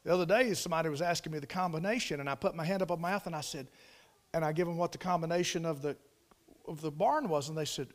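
A man, telling a folksy farm story in a devotional talk, in an animated country manner. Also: a little high, fast.

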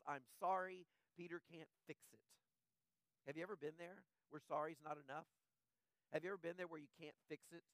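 A man with a high, light voice delivers a conversational sermon, often asking his listeners "right?" as he goes. He sinks soft and low when he dwells on sorrow. The sound is dry and close, with no room echo. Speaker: pastor.

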